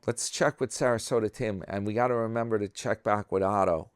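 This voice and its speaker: A man's voice: fairly low pitch, steady tone, brisk, clean tone, no echo, studio quality. A man from New York talking casually to his subscribers, rambling and mocking himself. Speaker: vlogger host. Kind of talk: casual chat.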